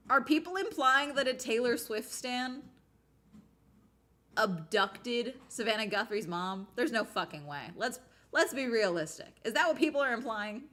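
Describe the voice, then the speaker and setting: A young woman chatting casually as she reads articles aloud, thinking out loud and trailing off into filler sounds. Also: a little high, animated, normal speed. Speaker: streamer. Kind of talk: casual commentary while reading articles aloud.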